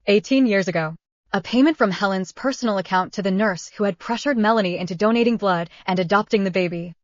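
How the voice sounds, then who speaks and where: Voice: mid-range voice, fast talker, no echo, muffled recording, close to an everyday voice. A woman voicing a grave police detective who states the facts in a matter-of-fact way. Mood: stern.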